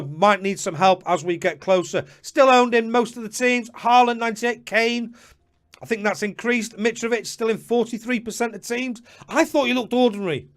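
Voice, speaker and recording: A man hosting a live fantasy football stream, chatting to viewers by name with quick apologetic asides. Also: high voice. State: slightly out of breath. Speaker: host.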